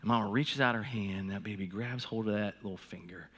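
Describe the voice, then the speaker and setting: A man's voice: lowish voice, fairly quick, fairly bright tone. A man in his forties, a pastor giving a sermon through a personal story, talking conversationally and often restarting his sentences.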